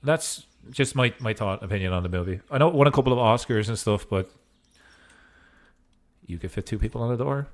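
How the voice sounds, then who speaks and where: Goofy low-voiced man narrating gameplay. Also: expressive, brisk. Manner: goofy, joking asides. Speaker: gaming streamer. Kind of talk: casual gameplay commentary.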